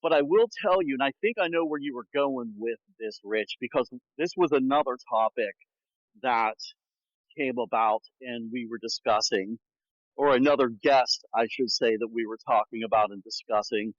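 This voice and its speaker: A man's voice: medium pitch, normal speed, no room sound, highs cut off. A man hosting a podcast while out walking, a little out of breath, telling frank stories about difficult guests. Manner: candid storytelling, frank about bad guests. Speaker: podcast host. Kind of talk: casual chat. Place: outdoors on a walk.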